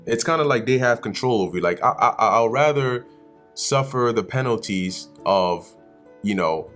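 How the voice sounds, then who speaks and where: A Bible teacher gives a casual, slangy study commentary, animated and often acting out the characters. His voice is mid-range at a normal speed, with soft music in the background.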